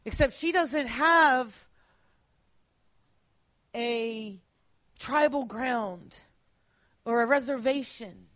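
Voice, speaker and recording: A woman preacher giving a sermon, earnest, at times dropping to quiet emphasis and correcting herself as she goes. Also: fairly high pitch, extremely slow, pauses often, dry recording.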